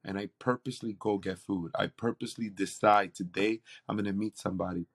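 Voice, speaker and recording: A man's voice: lowish voice, fairly even intonation, a little fast, husky. A man, a campus pastor, telling a faith story in an interview with an earnest, preacherly delivery. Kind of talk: interview testimony.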